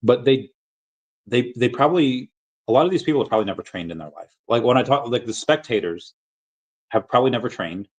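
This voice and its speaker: A man's voice: mid-range voice, lively intonation, brisk, low-quality recording. A man hosting a casual livestream, rambling loosely with fillers and restarts as he reads viewer comments. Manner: playful, drops into sung and silly voices reading comments. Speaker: livestream host reading chat.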